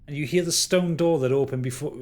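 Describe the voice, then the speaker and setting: A man narrating a tabletop game as game master, with animated, dramatic storytelling. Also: fairly high pitch, fast talker.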